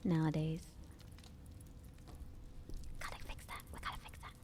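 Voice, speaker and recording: A young woman on a live stream, chatting softly from her room at home, giggling and often dropping into whispers. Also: deep voice, level tone, normal speed. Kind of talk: soft-spoken live stream chat. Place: room at home with family nearby.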